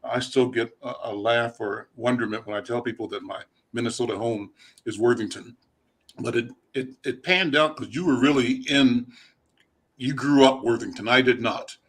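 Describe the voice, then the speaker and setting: A man's voice: medium pitch, normal speed, a bit bright, breathy edge. Older male talk show host. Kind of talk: interview.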